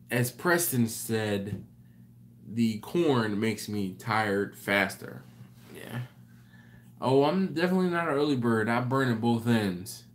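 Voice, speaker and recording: A tired man hosting a live stream late at night. He talks slowly and unhurriedly, rambling as he reads out viewer comments. He keeps correcting himself and apologizing. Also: fairly low pitch. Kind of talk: casual live chat reading viewer comments.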